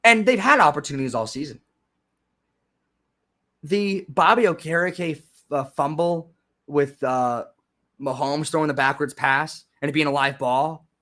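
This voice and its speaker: Young man, casual live stream host, sarcastic, rambling, slightly high voice. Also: unhurried. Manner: rambling, sarcastic, swings into loud rants. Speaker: livestream host.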